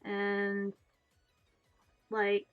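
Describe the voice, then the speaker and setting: A woman's voice: mid-range voice, completely flat delivery, very slow, smooth, soft background music. A young woman streaming from home, chatting casually in a rambling, self-deprecating way and swearing offhand. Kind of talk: casual live-stream chat while drawing. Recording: dull lo-fi stream mic.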